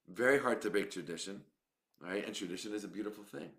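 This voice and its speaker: Give me a man with a lowish voice teaching as a rabbi, restarting phrases and checking in with "right?". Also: fast, a bit bright. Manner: restarts phrases, tags lines with "right?" and "okay?". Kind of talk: teaching monologue.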